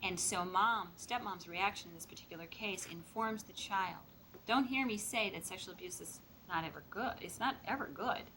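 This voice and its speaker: A woman's voice: medium pitch, normal speed, pushed and bright, a little hiss or hum, poor audio. A woman giving a lecture on childhood trauma to an audience, speaking plainly and emphatically with vivid examples. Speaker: child mental health trainer. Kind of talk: training lecture.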